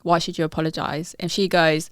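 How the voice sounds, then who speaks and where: A woman's voice: deep voice, little pitch movement, fairly quick, dry recording, clean studio sound. A woman, a mother, co-hosting a podcast and chatting casually about her kids. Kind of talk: casual chat.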